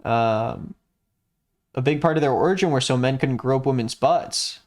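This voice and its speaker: A man hosting a livestream in casual chat, sarcastic and often jumping into high mock-excited tones. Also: moderate pace. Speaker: streamer hosting.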